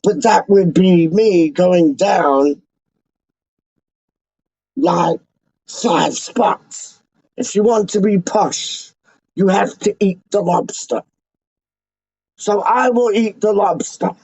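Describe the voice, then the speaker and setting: A man doing a boastful, snobbish Englishman, holding forth in a high voice at an unhurried, pompous pace. He rambles through rhyming nonsense like a mock aristocrat hosting his own show. The sound is dull and lo-fi, with a dry, close feel. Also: a little mellow, no room sound, heavily acted. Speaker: livestream host. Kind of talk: comic in-character livestream ramble.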